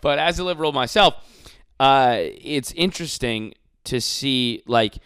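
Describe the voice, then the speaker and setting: A man in casual podcast chat, ranting with animated profanity. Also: medium pitch, measured pace, smooth.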